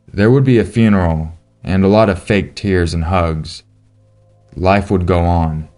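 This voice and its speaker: A man giving a slow, solemn scripted narration of a true horror story. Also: sits low, a little mellow.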